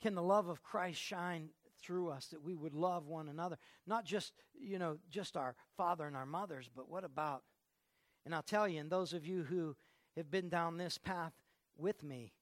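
A man's voice: a little high, normal speed, dry recording, studio quality. A man preaching a sermon in a conversational way, often stopping to repeat his words. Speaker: pastor.

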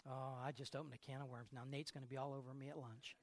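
A woman pastor preaching a sermon in a church, animated and fond of asking the congregation questions, with frequent laughter. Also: extremely low pitch, quick pace, a little hiss or hum. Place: church sanctuary.

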